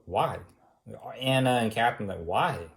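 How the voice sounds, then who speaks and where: A man's voice: medium pitch, lively intonation, unhurried. A man teaching a debate class in an informal, talky way, firing off repeated rhetorical questions and using casual fillers.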